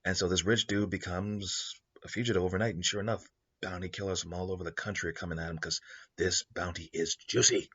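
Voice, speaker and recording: A man casually telling a story pitch in a rambling way, with many fillers and restarts. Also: steady tone, a little fast, a bit bright, breathy edge. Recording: dull lo-fi recording.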